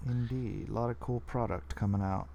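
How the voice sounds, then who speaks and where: A man hosting a casual live stream from home, relaxed and chatty, repeating short phrases. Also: mid-range voice, moderate pace, gravelly, highs cut off, a crowd in the background. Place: home, with kids audible in another room.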